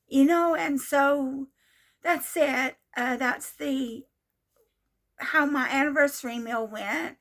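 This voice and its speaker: A woman's voice: high voice, slow. A woman in her sixties telling a personal story in a casual monologue, repeating herself in an exasperated way. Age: 60s. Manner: repetitive, exasperated retelling. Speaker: vlogger.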